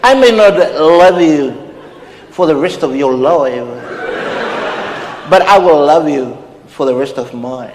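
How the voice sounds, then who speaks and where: A smug, tipsy Samoan uncle , played by a man, croons syrupy compliments in a Samoan accent. He drawls slowly in a slightly raised voice. The sound is echoey and far-reaching, with loud background noise. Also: a little high, lively intonation. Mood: crooning, flirty. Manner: syrupy, flowery flirting with grand romantic lines. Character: tipsy middle-aged Samoan uncle, smug self-styled ladies' man. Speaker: comedian in character. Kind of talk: live comedy character act.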